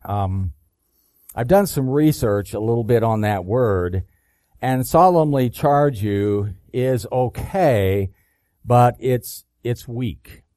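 A man preaching a sermon, reading scripture slowly and deliberately and rising in emphasis on key verses. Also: mid-range voice, warm tone, dry recording, clean studio sound.

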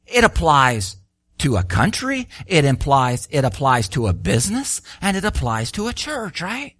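Guy preaching a sermon, swoopy bouncy pitch, dry close sound, acts out little voices. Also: normal speed, dry recording. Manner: animated, rhetorical questions, acts out quoted voices.

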